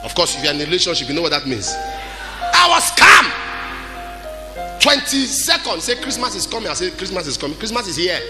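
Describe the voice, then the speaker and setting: A man preaching a sermon, moving from loud exhortation to quiet storytelling. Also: on the high side, animated, very fast, few pauses. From Nigeria. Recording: music behind the voice.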